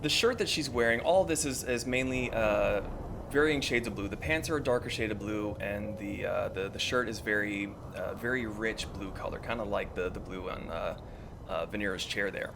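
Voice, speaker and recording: A man narrating a tabletop game as game master, describing scenes in an unhurried way with many fillers. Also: lowish voice, background noise.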